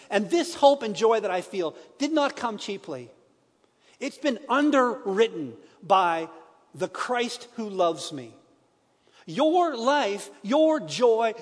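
A middle-aged man preaching a personal testimony sermon in a church, earnest, moving between hushed and emphatic. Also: sits high, in a large hall.

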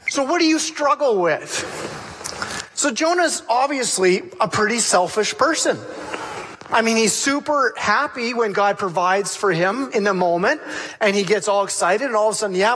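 Male pastor with a high, bright, sharp voice who preaches lively and acts out scenes. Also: normal speed, slight background noise. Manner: animated storytelling, acting out the characters' lines. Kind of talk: sermon.

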